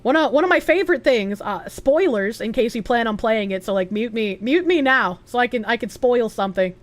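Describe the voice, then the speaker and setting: A woman's voice: on the high side, animated, brisk, hardly any pauses. A woman streamer chatting casually, answering viewer chat aloud and swearing freely.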